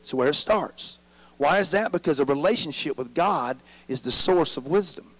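A man's voice: on the high side, lively intonation, moderate pace, a bit bright, poor audio. A man preaching a sermon as pastor, drawing the congregation in with frequent "amen?" prompts.

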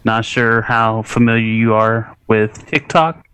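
A man's voice: fairly low pitch, takes it slowly, a bit bright, smooth, no room sound. Man, podcast co-host, casual chat, laughs while telling, dry sound. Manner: laughing through his own story.

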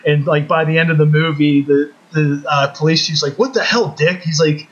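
A man's voice: on the high side, flat delivery, moderate pace. A man co-hosting a podcast, chatting casually in a rambling, laid-back way with lots of fillers. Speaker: podcast co-host. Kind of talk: casual chat. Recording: muffled lo-fi recording.

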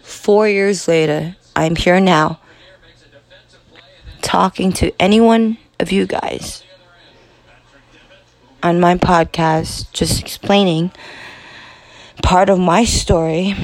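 A young woman in her twenties hosts a podcast, telling a personal story in a halting, profane confessional monologue. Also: on the low side, fairly even intonation. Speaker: podcast host.

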